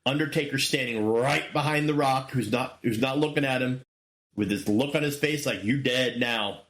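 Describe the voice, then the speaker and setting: A man in his forties hosting his own show, telling a story in a casual monologue with excited, animated bursts. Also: mid-range voice, normal speed. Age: 40s. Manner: excited, animated retelling with sudden loud bursts. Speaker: podcast host.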